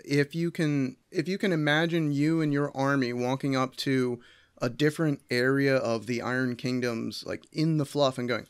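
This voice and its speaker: A man co-hosting a gaming podcast, chatting casually and giving his opinions in an animated way. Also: mid-range voice, moderate pace, smooth, no room sound, clean studio sound. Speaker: podcast co-host. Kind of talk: casual roundtable chat.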